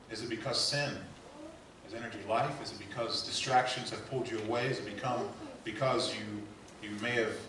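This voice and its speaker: A male pastor preaching a sermon, swinging between loud emphatic lines and quiet hushed asides. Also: mid-range voice, noisy background. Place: church sanctuary. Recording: echoey church hall heard from a distance.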